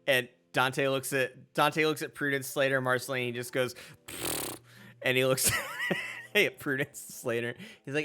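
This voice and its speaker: A man's voice: mid-range voice, measured pace, pushed and bright, clear, resonant tone, faint music behind. A man working as game master, narrating a tabletop game in a loose, chatty way full of fillers and restarts.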